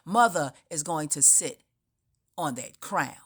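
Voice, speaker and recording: Woman, lowish voice, unscripted spiritual monologue, meandering, emphatic, restarts often. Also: animated, slow, slightly rough. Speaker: spiritual speaker.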